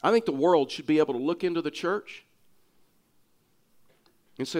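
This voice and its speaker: A man's voice: on the high side, normal speed, a little mellow. A man with a Texas accent preaching a sermon, earnest, often repeating and restarting words for emphasis.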